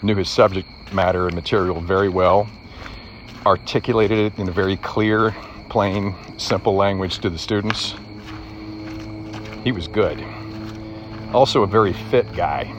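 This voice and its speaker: Deep-voiced man telling a heartfelt story. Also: steady tone, slight background noise. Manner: earnest, reflective, measured storytelling. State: choked up. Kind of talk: personal storytelling.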